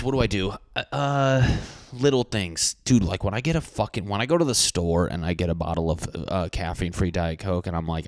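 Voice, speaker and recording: A man's voice: sits low, no room sound, studio quality. A young man hosting a casual solo podcast, rambling and joking crudely with lots of swearing. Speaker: podcast host.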